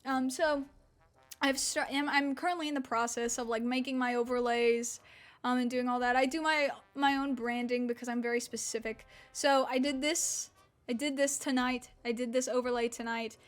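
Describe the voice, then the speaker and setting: Young woman, about 20, from Mississippi, high-pitched, odd relaxed-jaw accent, chatty rambling streamer. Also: moderate pace. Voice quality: unusual slack-jawed accent. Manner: rambling, swears, laughs often. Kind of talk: casual stream chat.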